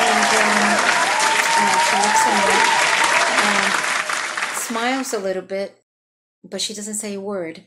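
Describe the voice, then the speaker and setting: A woman's voice: mid-range voice, steady tone, measured pace, long pauses, over a noisy crowd, heavy background noise. A woman improvising a comedic monologue, talking in a hyper, chatty way and laughing through her story.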